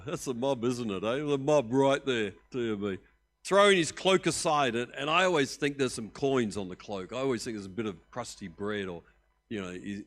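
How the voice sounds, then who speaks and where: A middle-aged man, preaching a sermon as pastor, telling the story with lively acted-out voices that swing from loud to hushed. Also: medium pitch. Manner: animated storytelling, acting out voices with big swings in loudness.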